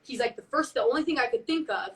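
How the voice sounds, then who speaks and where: A woman telling a spooky story in casual chat on a live stream, animated and full of "like", acting out what people said. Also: sits high, fast, distant mic, poor audio. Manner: animated, heavy use of "like", acts out quotes. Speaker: band member on a live stream.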